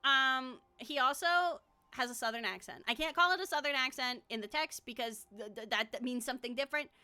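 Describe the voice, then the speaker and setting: High bright lady streamer rambling on, lots of ums and laughing. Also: a little fast, clear, resonant tone. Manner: rambling, many fillers, frequent laughter. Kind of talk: casual chat about her own characters.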